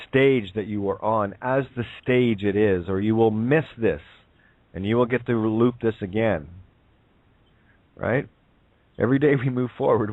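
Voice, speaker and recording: A man's voice: fairly low pitch, dry recording. A man giving a casual spiritual talk on a call-in show, rambling with many fillers and checking in with "right?". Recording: tinny phone line, dry.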